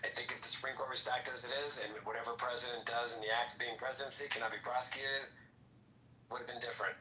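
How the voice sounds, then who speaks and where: A man's voice: mid-range voice, flat delivery, quick pace, sharp tone, soft background music. A man hosting a casual political podcast, talking bluntly with profanity and jokes. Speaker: podcast host. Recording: echoey room with faint noise.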